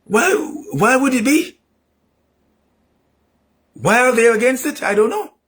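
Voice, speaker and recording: A man delivering an opinionated political monologue, repeating himself emphatically and rising into shouts. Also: very high voice, sing-song, a little slow. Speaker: political commentator.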